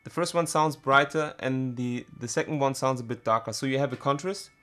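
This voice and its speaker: A man teaching a music production tutorial, talking in a halting way with many fillers and restarts. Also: medium pitch, fairly bright tone. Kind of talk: screen-recorded software tutorial.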